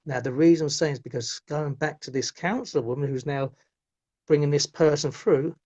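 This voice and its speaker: A man's voice: a little high, fairly even intonation, fairly quick, a little mellow. A middle-aged man, telling his life story as a guest in a rambling way, often restarting his sentences. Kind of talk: personal storytelling in conversation. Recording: muffled lo-fi audio.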